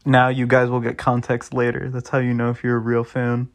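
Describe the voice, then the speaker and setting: A young male vlogger chats with his viewers a little fast, his mid-range voice delivered completely flat. Even so, the rambling commentary is peppered with swearing, and he's giggly, laughing again and again.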